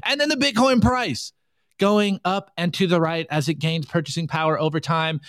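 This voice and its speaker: A chatty male show host reads memes aloud in a casual livestream, dropping quick asides between them. His voice sits a little high and comes through smooth, close and dry. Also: fairly bright tone, dry recording.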